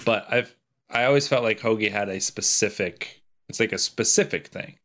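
A man co-hosting a casual podcast chat, laid-back and a bit halting. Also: on the low side, fairly bright tone. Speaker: podcast co-host.

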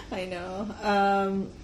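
A woman co-hosting a podcast, chatting casually in a giggly, expressive way. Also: mid-range voice, very slow, slight background noise, poor audio. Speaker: podcast co-host. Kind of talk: casual chat.

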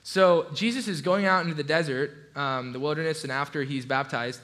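A man preaching a sermon in a relaxed, conversational way, with frequent restarts and light asides. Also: a little high, a little fast. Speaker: pastor.

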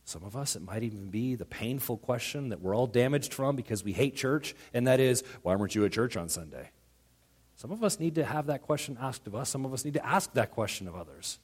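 Animated male pastor preaching a sermon. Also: mid-range voice, moderate pace. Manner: animated, acts out quoted voices, frequent stammered restarts.

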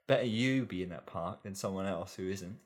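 A man's voice: deep voice, brisk. A man co-hosting a podcast, chatting casually and musing in a hesitant way that repeats words. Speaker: podcast co-host. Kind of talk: casual chat.

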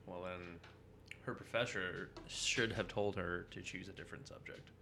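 A man's voice: deep voice, fairly even intonation, normal speed, vocal fry, noisy background. A man co-hosting a podcast, cutting in with dry wisecracks during a casual chat about comics. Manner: wisecracking interjections and mock voices. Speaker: podcast co-host.

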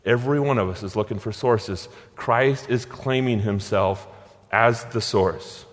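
A man's voice: lowish voice, a little slow. Man preaching in a reverberant hall. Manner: earnest, repeats phrases for emphasis. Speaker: pastor. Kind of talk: sermon with personal stories.

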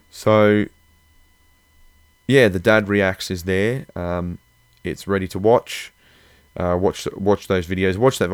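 Man, solo podcast host, very low smooth voice, dry close sound, loose and rambling. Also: no echo. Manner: rambling, loose, many fillers.

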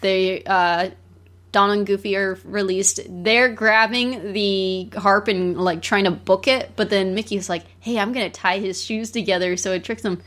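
A woman's voice: mid-range voice, steady tone, normal speed, a bit bright. A woman casually co-hosting a podcast, animatedly retelling a cartoon plot and laughing easily. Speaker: podcast co-host. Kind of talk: casual film discussion.

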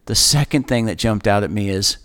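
Man, earnest, reflective, Bible teaching, conversational, measured pauses. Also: lowish voice, a bit bright. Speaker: podcast host leading Bible study.

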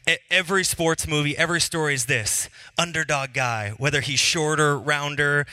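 Earnest, animated man with a bright voice. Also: fairly high pitch, moderate pace, no room sound. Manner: animated and earnest, many fillers and restarts. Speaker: Christian speaker. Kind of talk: casual personal talk.

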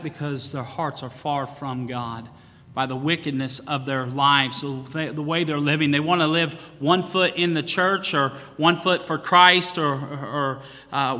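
Man, pastor, sermon, bright forceful voice, long church reverb. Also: on the high side. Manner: preaching with rising emphasis and scripture quotes.

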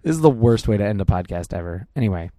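A man co-hosting a podcast, chatting in a laid-back, joking way with deadpan asides. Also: fairly low pitch, fast, dry recording. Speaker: podcast co-host; drama teacher. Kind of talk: casual chat.

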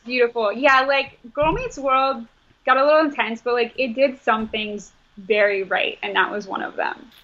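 A woman's voice: a little high, fairly even intonation, moderate pace, pushed and bright. A woman co-hosting a podcast, chatting casually and saying "like" a lot. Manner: chatty, heavy use of "like". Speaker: podcast co-host. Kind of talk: casual chat. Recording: slightly dull lo-fi sound.

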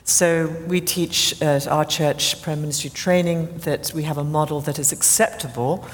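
A woman guest telling a story about her prayer ministry, animated and rising high when excited. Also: normal speed, big-room sound. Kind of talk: storytelling interview.

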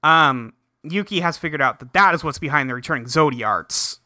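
Guy recapping an episode on a podcast, laid back and laughy, bright voice. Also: fairly high pitch, expressive, normal speed, dry recording, clean studio sound. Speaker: podcast co-host recapping a show. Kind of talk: casual chat.

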